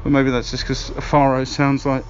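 A man's voice: mid-range voice, monotone, moderate pace, dull audio, a little hiss or hum, lightly acted. An actor playing a chatty, fumbling man leaving a voicemail in a comedy sketch, hesitant and full of ums. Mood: awkward chummy.

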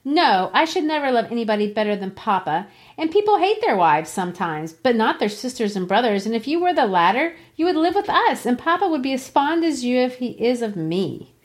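A woman's voice: a little high, sing-song, a little fast, hardly any pauses, pitched above the performer's own voice. A woman doing a fiery indignant teen girl. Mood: earnest. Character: spirited, indignant teenage girl.

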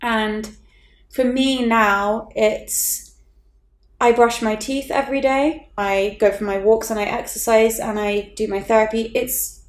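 A woman's voice: a little high, flat delivery, a little slow, echoey room. A young woman co-hosting a podcast, telling a story in casual chat, acting out quotes, swearing and laughing often. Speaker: podcast co-host.

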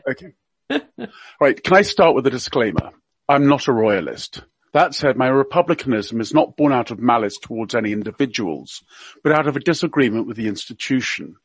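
A man's voice: medium pitch, sing-song, moderate pace, breathy edge, dry recording. A man with a slight received pronunciation accent reading a wry, scripted humorous piece as a radio guest. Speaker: guest commentator. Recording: dull, dry lo-fi sound.

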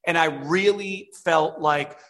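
A man, a film director, telling animated stories as an interview guest and acting out the voices of others. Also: a little high, slow. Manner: animated storyteller, reenacts voices.

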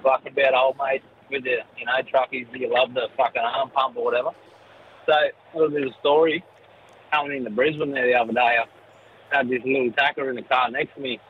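A man's voice: mid-range voice, steady tone, fast talker, phone-quality sound, slight background noise. An Australian man from New South Wales leaving a recorded voice message for a podcast, telling a story with heavy swearing. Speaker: caller.

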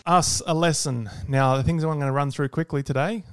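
Brief: doctor co-host, slightly high voice, dry teasing, explains and quizzes; dead-dry close mic. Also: male voice, fairly even intonation, a little fast, clean tone, dry recording. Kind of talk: casual podcast chat, teaching segment.

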